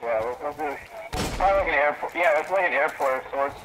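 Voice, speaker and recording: A man's voice: fairly high pitch, moderate pace, noisy background. A young man playing a co-op shooter, joking and swearing in casual chat. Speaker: co-op player. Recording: game gunfire behind.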